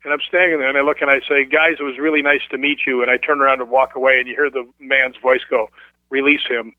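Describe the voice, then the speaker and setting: A man casually telling a ghost story as a guest, animated and acting out the voices of the people in it. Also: mid-range voice, fast talker, no room sound. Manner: animated, acts out quoted voices. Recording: tinny phone line.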